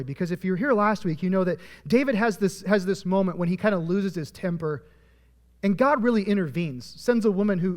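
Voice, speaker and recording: A man's voice: high-pitched, darkish tone. A male pastor preaching a sermon and retelling a Bible story, acting out the characters' lines. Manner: storytelling, acting out voices of biblical figures. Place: church auditorium. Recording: long church hall reverb.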